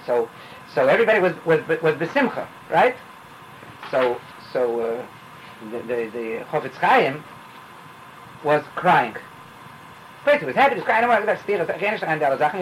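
A man with leads an informal Torah class, rambling animatedly from one parable to the next. His fairly high voice swings widely in pitch as he rushes along. A faint hiss of background noise sits under the talk. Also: low-quality recording. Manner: animated, rambling, mixes in Yiddish phrases. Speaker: rabbi teaching a class.

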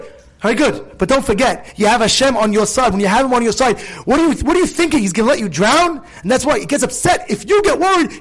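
Animated high-voiced rabbi preaching. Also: male voice, quick pace. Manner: animated, rhetorical questions, emphatic. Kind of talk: sermon.

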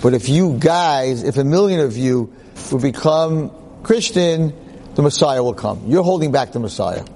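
A man voicing a male missionary who slowly and earnestly explains his beliefs. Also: medium pitch, lively intonation, mellow. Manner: slow, explanatory.

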